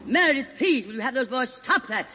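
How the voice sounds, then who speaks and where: Theatrical woman host, lively and grand. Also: high-pitched, brisk, loud music behind the voice. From Alabama. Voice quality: theatrical and grand, calls everyone darling. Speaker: radio variety show host. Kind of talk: scripted radio comedy banter. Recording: hissy old radio broadcast, reverberant hall.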